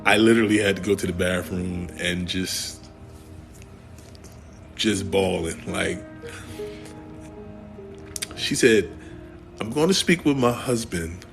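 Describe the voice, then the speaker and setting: Deep-voiced man telling a story casually. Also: takes it slowly, vocal fry, pauses often, over music. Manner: animated, jumps higher when quoting people; jokey, uses "y'all". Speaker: storyteller in a shared clip.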